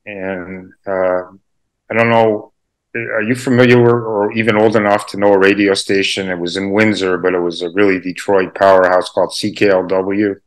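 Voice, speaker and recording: A man's voice: low-pitched, little pitch movement, moderate pace, poor audio. A man from Canada, a journalist guest, talking in a rambling, self-deprecating way and laughing often. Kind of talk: casual interview conversation.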